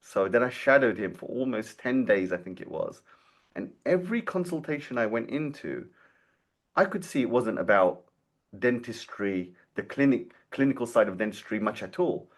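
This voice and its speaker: A man's voice: medium pitch, normal speed. A man in his forties, a podcast guest, tells his career story and acts out the dialogue in it. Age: 40s. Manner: animated storyteller who acts out quoted dialogue. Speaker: guest, dental marketing founder. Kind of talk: storytelling interview.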